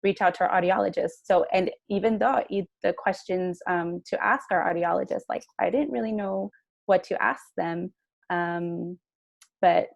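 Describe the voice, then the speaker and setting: A woman's voice: on the low side, vocal fry, no room sound. A woman speaking as a parent in an online meeting, hesitant with many fillers. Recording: dull dry lo-fi audio.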